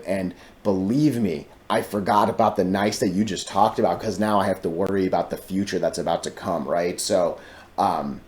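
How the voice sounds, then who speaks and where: Male host, lowish voice, casual market commentary; emphatic, repeats himself, keeps checking in with viewers. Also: moderate pace, a little mellow. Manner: emphatic and repetitive, often saying "listen" and "right?". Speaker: stock chart analyst host.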